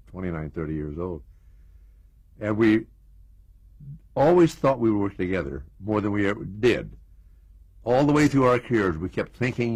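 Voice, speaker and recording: A man's voice: low voice, breathy edge, no echo. An older American man reminiscing in an interview, telling stories with chuckles and asides. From United States. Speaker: interview guest.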